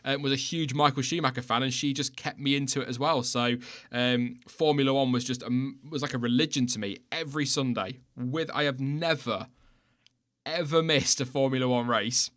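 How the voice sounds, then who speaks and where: A man's voice: medium pitch, fairly even intonation, normal speed, a bit bright. A man in his thirties hosting a casual live stream, reading out timing data and chatting with a co-host, often laughing at himself. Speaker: podcast host. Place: home setup, no footage.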